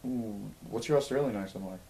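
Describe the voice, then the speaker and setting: A man in his twenties co-hosting a casual podcast, teasing his co-host with quick interjections and offhand swearing. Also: lowish voice, warm tone, low-quality recording.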